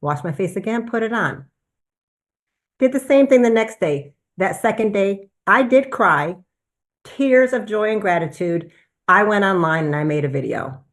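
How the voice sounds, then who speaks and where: A woman physician giving an animated personal testimonial at a business presentation. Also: medium pitch, measured pace. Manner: animated storytelling, acts out quoted voices.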